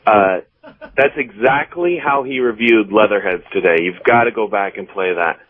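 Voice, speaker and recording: A man calling in to a radio show, casual and animated. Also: lowish voice, moderate pace. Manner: casual, animated "dude" talk. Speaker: caller. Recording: tinny phone line.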